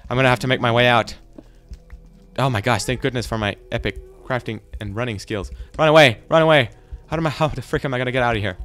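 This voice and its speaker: A young man giving jumpy, frightened let's play commentary, often breaking into loud exclamations. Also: mid-range voice, fast talker, faint music behind. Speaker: gaming YouTuber.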